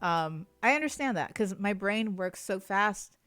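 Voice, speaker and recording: A woman's voice: medium pitch, animated, a little slow, a bit bright, smooth, no room sound, faint music behind. A woman co-hosting a livestreamed podcast, chatting casually, laughing often and swearing, with sentences that trail off. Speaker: podcast co-host. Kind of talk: casual chat. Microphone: streaming mic.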